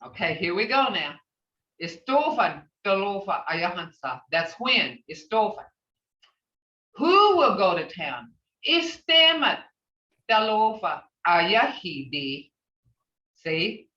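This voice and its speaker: A woman teaching an online language class, she speaks slowly and patiently, repeating each phrase. Her voice is bright and lively in pitch. She sits away from the mic, and the dull call audio carries a roomy echo. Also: distant mic.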